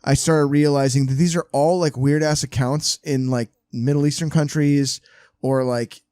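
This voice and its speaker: A man's voice: fairly high pitch, normal speed, clean tone, no room sound. Loose, storytelling podcast host guy. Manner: animated storyteller, swears freely. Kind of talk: casual podcast chat.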